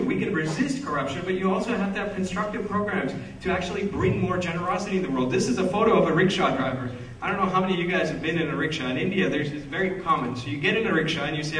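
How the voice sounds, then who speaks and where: A man's voice: a little high, fairly bright tone. Earnest man speaking at a conference. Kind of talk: speech at a peace conference. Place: conference hall. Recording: echoey hall, mic from far off.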